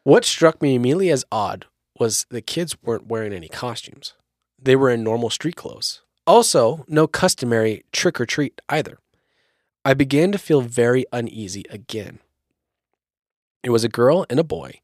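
Podcast guy reading a spooky story out loud, middle pitch, dry close sound. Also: lively intonation, normal speed, no room sound. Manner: storytelling narration with jokey asides. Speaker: podcast host. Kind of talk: reading a creepy story aloud.

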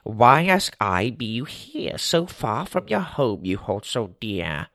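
A man voicing a small, mossy, riddling forest gnome who speaks in rhymes with twisted word order, in a nasal, gravelly voice. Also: medium pitch, big pitch swings, takes it slowly, pushed and bright, no room sound, clean studio sound, heavily acted. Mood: cryptic. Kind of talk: storybook character voice.

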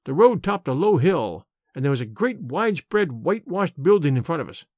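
Expressive male audiobook narrator. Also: fairly high pitch, a little fast, dry recording, studio quality. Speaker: storyteller.

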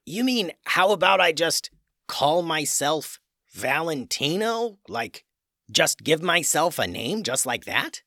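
A man's voice: fairly high pitch, sing-song, a little slow, no echo, studio quality, full character voice. A man voicing a shy, kind young male cave troll who talks hesitantly, in a storybook reading. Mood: timid, gentle. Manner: hesitant, gentle, with filler sounds.

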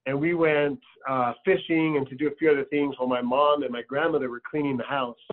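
A man's voice: mid-range voice, steady tone, fairly quick. A man telling a personal story in a loose, conversational way with lots of fillers. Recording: tinny phone-like sound.

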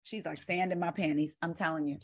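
A woman's voice: low voice, fairly quick. Sassy woman dishing reality TV. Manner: sassy, animated, blunt opinions. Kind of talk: casual reality-TV recap chat. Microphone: video call.

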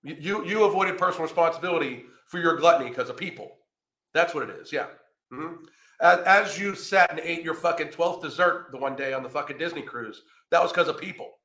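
Profane, combative man with a bright voice. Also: fairly high pitch, brisk, echoey room. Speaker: podcast host. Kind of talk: ranting reaction commentary.

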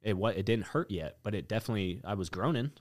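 A man's voice: lowish voice, expressive, fast, a little mellow, dry recording, studio quality. A man talking bluntly in a casual podcast conversation, swearing freely and telling anecdotes.

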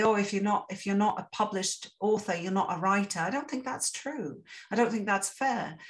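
A woman author talking candidly in a casual interview, self-deprecating and quick to laugh. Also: medium pitch. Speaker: author guest.

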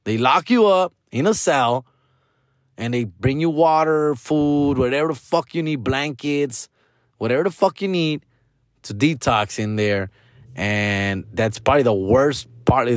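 A man's voice: mid-range voice, unhurried, no room sound, clean studio sound. A man telling a personal story casually, full of slang and swearing, slipping into Spanish now and then. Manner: heavy slang, profane, switches into Spanish; earnest, pleading, repeats street address terms.

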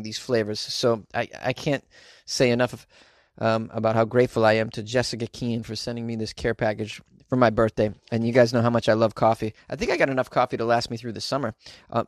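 A medium-pitched man hosts his solo podcast in a casual chatting style, full of fillers and sarcastic asides. The sound is studio quality, with no room sound at all.

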